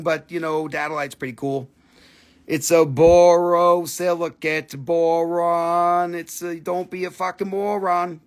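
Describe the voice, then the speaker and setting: A man's voice: high-pitched, creaky. Crude, joking man selling crystals. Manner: crude joking sales patter. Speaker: live sale host. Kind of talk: live shopping stream.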